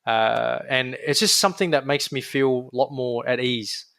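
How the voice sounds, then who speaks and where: A young adult man with an Australian accent, a podiatrist guest talking in a casual, energetic interview with frequent restarts. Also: medium pitch, moderate pace, gravelly, no room sound.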